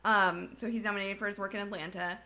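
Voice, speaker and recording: A woman's voice: medium pitch, steady tone, quick pace, sharp tone. A young woman from Bakersfield co-hosting a podcast, chatting casually as she reads through award nominees and gushes about them. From Bakersfield, California. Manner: gushing, runs through the nominee list. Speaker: podcast co-host. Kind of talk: casual chat.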